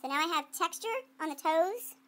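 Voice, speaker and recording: A woman's voice: very high-pitched, a little fast. A woman art teacher giving a playful running commentary while she demonstrates clay sculpting to students.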